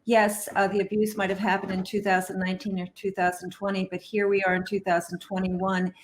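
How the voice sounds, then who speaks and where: A woman moderating a panel discussion on a video call, gently prompting the speakers in a measured, hesitant way. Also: mid-range voice, flat delivery, slight background noise.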